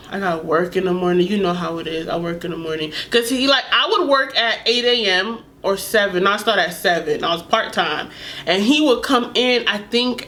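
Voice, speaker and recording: A young adult woman telling a candid, animated storytime vlog, sometimes laughing and dropping to a whisper. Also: medium pitch. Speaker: vlogger.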